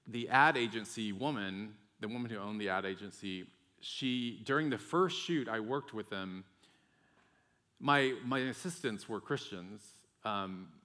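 A man casually telling a personal story in a rambling, animated way, full of restarts and quoted dialogue. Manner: animated, rambling, many restarts and "like"s, gets loud and high when excited. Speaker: storyteller sharing personal faith testimony.

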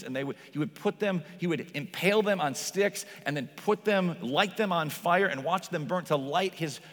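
A slightly high-voiced man preaching in a loose, conversational way, often dropping "like" and playing out quoted voices. His voice rings through a church hall with a long reverb tail. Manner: acts out quoted voices with lively shifts. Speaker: pastor. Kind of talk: sermon.

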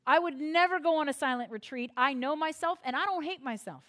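A woman pastor preaching a sermon from the United States, expressive and playful, with self-deprecating humor and acted-out quotes. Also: high voice, fairly quick.

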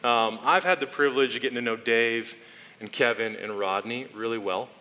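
A man's voice: mid-range voice, normal speed, pushed and bright. A man speaking from the front of a church, earnest and thankful as he addresses the congregation. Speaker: pastor.

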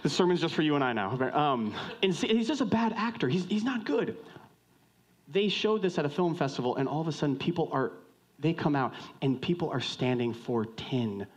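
A male pastor giving a sermon with a middle-pitched voice. He talks in a loose, joking way, rising to loud bursts and then dropping to hushed lines. He keeps turning to the congregation with direct questions. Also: normal speed. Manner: conversational, joking preaching that swings between loud and hushed.

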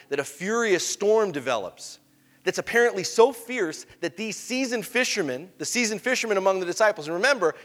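A man preaching a sermon, telling the story animatedly and moving between hushed asides and emphatic stretches. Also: sits high, big-room sound.

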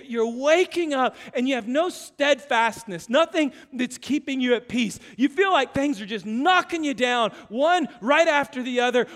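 Brief: male pastor, high-pitched, emphatic storyteller, long reverb of a church sanctuary. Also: fairly bright tone. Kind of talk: sermon.

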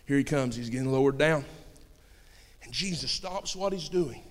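A man preaching a sermon with folksy turns of phrase, swinging between shouting and hushed storytelling. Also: medium pitch, animated, normal speed. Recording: long hall reverb.

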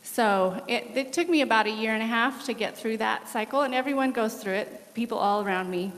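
A woman in her forties, a missionary guest, giving an earnest and animated testimony with laughs during a church service. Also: a little high, fairly quick. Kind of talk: candid testimony in an interview. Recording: long hall reverb.

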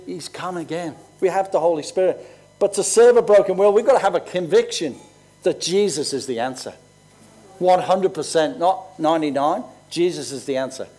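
A man's voice: sits high, warm tone. A man in his sixties, a pastor preaching conversationally and telling personal stories. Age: 60s.

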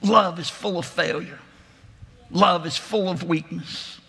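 A man's voice: sits high, fairly even intonation, slow pace, vocal fry, bright, forceful tone, breathy edge. A man preaching a sermon, retelling a gospel story in a reflective, imaginative way. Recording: long reverb of a large hall.

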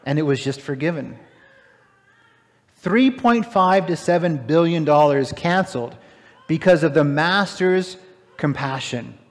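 A man preaching a sermon, retelling a parable with animated, emphatic, incredulous asides. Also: fairly high pitch, a little slow, pauses often. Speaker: pastor. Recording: long hall reverb.

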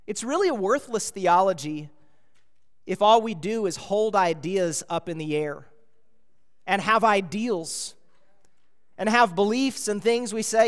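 A man's voice: sits high, lively intonation, unhurried. A man preaching a sermon as pastor, emphatic, with repeated rhetorical questions. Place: church sanctuary. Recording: church hall reverb.

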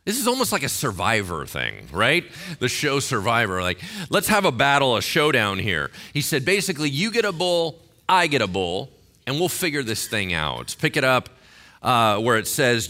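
An animated male pastor preaching with a bright, forceful voice. He jokes and acts out the people in the story, and his pitch swings widely. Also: moderate pace. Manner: animated, jokey, acts out quotes. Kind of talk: sermon.

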